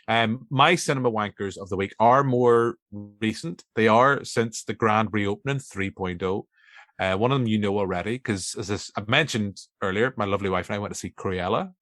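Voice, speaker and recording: Northern irish guy hosting a movie podcast, lowish voice, rambly and jokey, dry sound. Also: sharp tone, no room sound. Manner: chatty, rambling, self-mocking. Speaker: podcast host. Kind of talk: casual chat.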